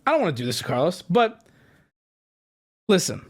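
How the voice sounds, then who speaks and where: Ranting streamer with a wildly swinging voice. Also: male voice, big pitch swings, normal speed, breathy edge. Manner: exasperated, profane, swings between yelling and low mutters. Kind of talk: ranting story to a live stream.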